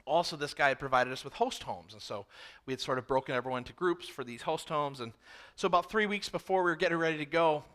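A man preaching a sermon through a lively personal story. His voice sits a little high and rings bright and forceful. He talks animatedly and often picks up speed as he tells it. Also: fast talker. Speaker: pastor.

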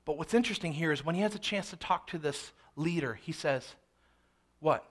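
A man preaching an expository sermon, reading scripture aloud and then explaining it with animated, dramatic emphasis. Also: on the high side, fairly quick. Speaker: pastor.

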